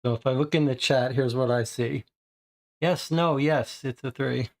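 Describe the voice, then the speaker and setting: A man's voice: mid-range voice, moderate pace, creaky. A man streaming a puzzle game, thinking aloud and muttering in frustration as he works through it.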